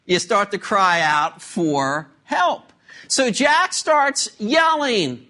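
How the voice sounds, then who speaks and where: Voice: medium pitch, big pitch swings, very slow, bright, forceful tone. A preacher delivering a sermon with emphatic delivery and frequent rhetorical questions to the congregation.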